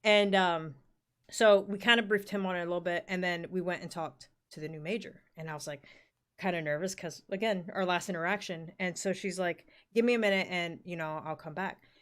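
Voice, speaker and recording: A woman's voice: on the low side, steady tone, a little fast, a bit bright. A woman in her forties telling a rambling work story in casual chat, full of fillers and the odd swear word. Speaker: podcast co-host.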